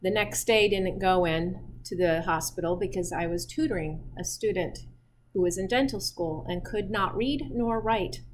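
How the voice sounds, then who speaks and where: A middle-aged physiology instructor lectures in a chatty style, weaving in personal anecdotes and laughing often. Her voice is mid-range at a moderate pace, with slight background noise.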